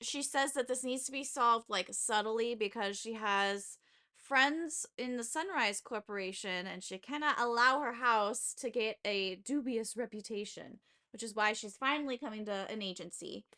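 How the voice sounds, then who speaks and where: Podcast co-host, female, lively and profane, bright tone. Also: fairly high pitch, moderate pace. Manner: animated, swears, acts out characters' lines. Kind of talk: casual book chat.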